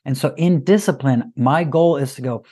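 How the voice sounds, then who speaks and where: A man in his thirties, a father talking as a guest, telling stories in a lively, casual way. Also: medium pitch, normal speed, husky. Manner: animated, lively storyteller. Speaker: parent sharing advice as a podcast guest. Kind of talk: casual conversational storytelling.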